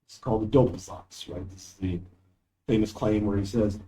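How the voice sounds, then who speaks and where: In a classroom, a man delivers a university philosophy lecture in an emphatic, discursive style, reading quoted passages aloud. His voice is on the low side, steady and mellow at a normal speed. There was no microphone, so the rough audio was cleaned up afterward.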